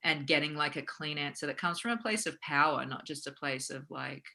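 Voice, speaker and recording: A woman, an actress and acting coach, talking casually in an interview, animated and laughing often. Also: low voice, fairly quick, gravelly, low-quality recording. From Australia.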